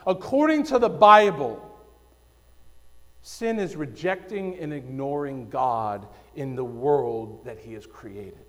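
A male pastor preaching a sermon, swinging between loud emphasis and hushed, low phrases. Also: long reverb tail.

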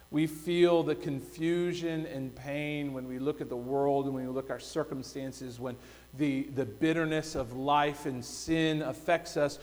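A male pastor preaching a sermon, moving between loud pleading cries and hushed, quiet stretches. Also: medium pitch. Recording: long hall reverb.

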